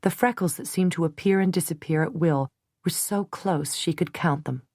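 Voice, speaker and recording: Brief: female audiobook narrator, steady and even, lowish voice, dry studio. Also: normal speed, no echo. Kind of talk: scripted narration.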